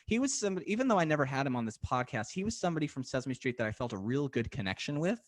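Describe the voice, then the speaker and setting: Very animated and very fast, this medium-pitched podcast host tells stories with eager enthusiasm. The casual interview chat has him chatting away as a keen storyteller.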